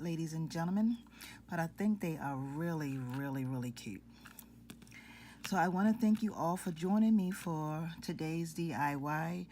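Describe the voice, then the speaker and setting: A woman hosting a jewelry-making tutorial, calmly talking viewers through each step and addressing them as ladies and gentlemen. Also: on the low side, a little hiss or hum. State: out of breath.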